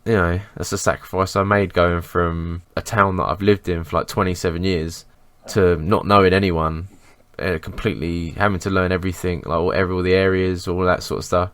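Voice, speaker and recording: A man's voice: sits low, flat delivery, a little fast, hardly any pauses, fairly bright tone, dry recording. A man co-hosting a casual podcast, telling sweary, self-mocking stories about work. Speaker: podcast co-host.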